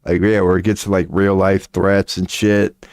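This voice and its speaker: Male streamer, casual and profane, dark mellow tone, dry close mic. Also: low voice, flat delivery, moderate pace, no room sound. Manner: profane, laughing, rambling storyteller. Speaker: livestream host. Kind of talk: casual livestream chat.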